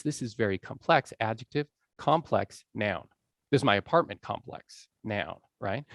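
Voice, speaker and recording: A man lecturing to a room, his voice swinging up and down as he quizzes the audience and laughs along with them. There is a gravelly edge to his speech, and the sound is dry and close, with little room echo. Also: medium pitch. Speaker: college lecturer on language learning. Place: lecture hall.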